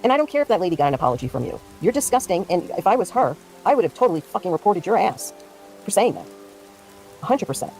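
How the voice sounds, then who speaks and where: A woman's voice: fairly low pitch, big pitch swings, quick pace, darkish tone, faint music behind. A woman streamer giving casual livestream commentary, ranting in a heated, indignant and profane way.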